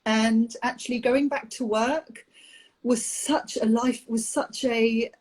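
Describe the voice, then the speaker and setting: A young adult woman, a nanny, talking candidly about a personal experience with many pauses and restarts over a video call. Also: on the high side, steady tone, a little mellow. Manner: open, halting, with many ums and restarts. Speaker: nanny sharing her IVF experience.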